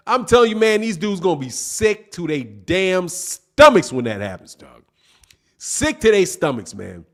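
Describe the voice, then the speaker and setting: A man's voice: high voice, a bit bright. A man hosting a boxing livestream, chatting casually and reading out viewer comments in a loose, slangy way with frequent laughter. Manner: loose, slangy, laughs often, calls people dog.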